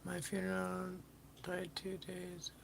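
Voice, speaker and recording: Woman doing a casual baking stream from home, rambly, talks to chat and her cat, lots of fry. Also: lowish voice, completely flat delivery, takes it slowly. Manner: chatty and rambling, talking to viewers and her kitten. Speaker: livestream host. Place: home kitchen. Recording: noisy background.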